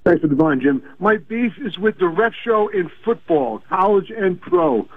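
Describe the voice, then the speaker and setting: A man's voice: high-pitched, expressive, unhurried, no room sound. A man in his sixties with a New York accent, calling in to complain in an indignant way and repeating himself. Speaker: caller. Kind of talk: call-in complaint. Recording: tinny phone line.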